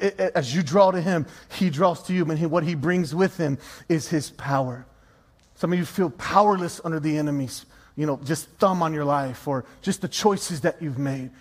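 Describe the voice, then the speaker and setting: A man preaching a sermon as pastor, emphatic and repeating key phrases for effect. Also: fairly high pitch. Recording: long reverb of a large hall.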